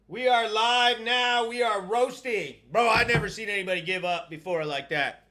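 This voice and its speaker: A man hosting a live stream on his own, reading out viewer comments and giving shout-outs in a loud, profane, hyped way. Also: high voice, moderate pace. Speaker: host.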